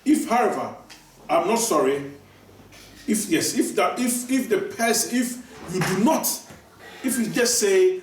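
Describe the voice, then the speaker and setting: Male preacher, somewhat high voice, emphatic and repetitive, heard from a distance in a roomy space. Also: lively intonation, measured pace, slight background noise. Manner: repetitive, emphatic, many restarts. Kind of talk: sermon. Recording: echoey room, voice from far off.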